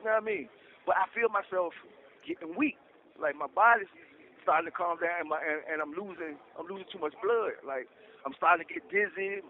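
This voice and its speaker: A man's voice: high-pitched, a little fast. A man telling a personal story in a casual, rambling way, with many restarts. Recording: tinny phone-like sound with faint noise.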